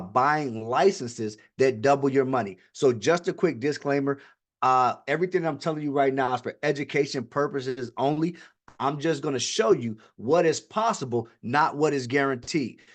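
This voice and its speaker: A man presenting a live online webinar, pitching an opportunity in fast, hype-driven salesman patter, often calling out to the audience. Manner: repeats "ladies and gentlemen" and "all right".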